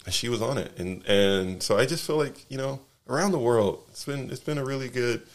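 A man's voice: mid-range voice, fairly quick. A man casually telling travel stories as a podcast guest, rambling with many fillers and restarts. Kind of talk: casual storytelling.

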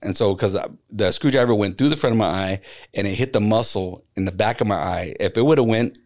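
Speaking fairly quickly in a fairly low voice, this middle-aged man is a graffiti artist appearing as a podcast guest. He animatedly recounts a personal story in casual conversation, performing the quoted voices of the people involved.

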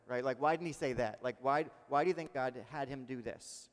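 A male pastor preaching a sermon in a lively, conversational way, asking the congregation questions. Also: mid-range voice, a little fast, few pauses, big-room sound.

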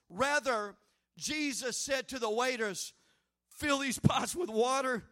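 A man preaching to his congregation in a very high, bright voice. He swings from quiet, conversational asides up to shouted, urgent declarations, and he calls on the room to answer back. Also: unhurried. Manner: preaching with rising, shouted emphasis and call-and-response. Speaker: pastor. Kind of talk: sermon.

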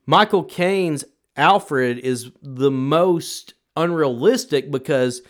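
A man's voice: a little high, slow. A man from the United States co-hosting a podcast, talking through a movie in a casual, emphatic and opinionated way. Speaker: podcast co-host. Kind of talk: casual movie review chat.

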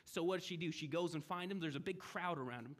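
High-voiced young preacher, animated delivery. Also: male voice, fast. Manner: animated, acts out quoted voices, swings between loud and hushed. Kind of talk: sermon.

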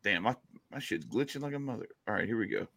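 A man's voice: on the low side, animated, quick pace, gravelly, fairly bright tone. A man from Louisiana with a Cajun accent, chatting casually and telling a long joke, rambling and correcting himself as he goes. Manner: rambling, self-interrupting, joking. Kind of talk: casual chat, storytelling.

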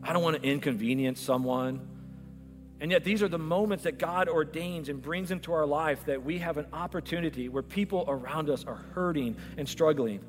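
A man's voice: fairly high pitch, a little fast, hardly any pauses, soft background music. A male pastor preaching a sermon, telling stories and acting out the dialogue. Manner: storytelling, acts out dialogue. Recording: long hall reverb.

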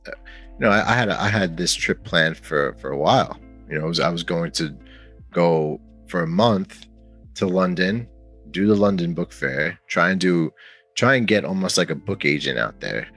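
A young man with a very low voice tells a story as a podcast guest. He rambles, restarts often and fills gaps with "you know", growing lively when he quotes others. Soft music plays faintly underneath. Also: normal speed, breathy edge. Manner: rambling, many fillers and restarts, animated when quoting others. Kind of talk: casual conversational storytelling.

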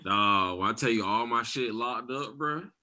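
A man's voice: medium pitch, normal speed, bright, forceful tone. A man in his thirties chatting casually, joking in slang and repeating "boy" and "bro". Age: 30s. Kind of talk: casual chat.

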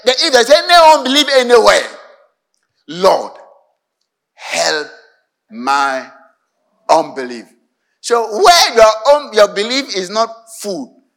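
A man's voice: sits high, fairly bright tone. A man with a Ghanaian English accent preaching a sermon as pastor, emphatic and stopping to have the congregation fill in the missing word.

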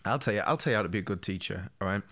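A man's voice: fairly low pitch, rapid-fire, fairly bright tone. A young man, casually telling school stories, laughing and acting out what people said. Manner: laughing storyteller, acts out quotes, swears freely. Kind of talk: casual chat, storytelling.

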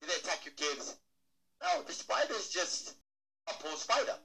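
Bright, lively male stage speaker. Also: high voice, moderate pace, vocal fry, rough recording. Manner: playful, questions the crowd, acts out little voices. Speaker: motivational speaker. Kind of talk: animated stage talk to a live audience.

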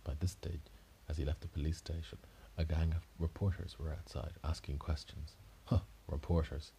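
A man spins an improvised detective tale in a very low, dark voice. He rambles, stops and restarts mid-sentence as he goes. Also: level tone, normal speed, vocal fry, slight background noise. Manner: rambling, with frequent restarts and self-corrections. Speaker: storyteller. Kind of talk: improvised story narration.

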